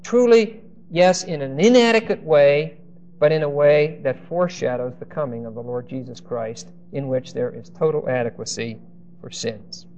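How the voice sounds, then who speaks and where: A male Bible teacher lecturing a class, his somewhat high voice caught on a dull, lo-fi recording. He leans hard on key words, drawing them out slowly, and stumbles through restarts and hesitations between points. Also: darkish tone, slight background noise. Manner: emphatic, slows and stresses key words.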